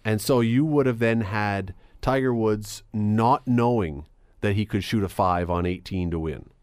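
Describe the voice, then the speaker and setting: Low-voiced guy hosting sports radio, chatty, laughs a lot, really dry close mic. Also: unhurried, a little mellow, clear, resonant tone, dry recording. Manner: chatty, laughs easily, many restarts. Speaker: radio sports talk host. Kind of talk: casual sports chat.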